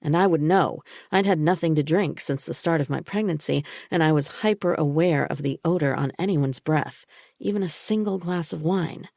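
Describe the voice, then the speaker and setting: A woman reading a first-person psychological thriller audiobook in a steady, measured way. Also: deep voice, creaky, no room sound, clean studio sound. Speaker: audiobook narrator. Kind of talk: first-person scripted narration.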